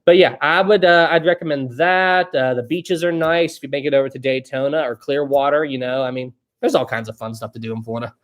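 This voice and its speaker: A man's voice: mid-range voice, brisk, few pauses. A young man hosting a live stream, chatting casually and rambling as he reads viewer questions. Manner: rambling and chatty, often laughing. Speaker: livestream host.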